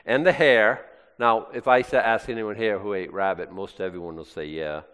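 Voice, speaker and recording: A man's voice: fairly low pitch, fairly even intonation, moderate pace, a bit bright, smooth. A man with an American accent preaching a casual sermon in a rambling, folksy way, often interrupting himself. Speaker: pastor. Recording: reverberant hall.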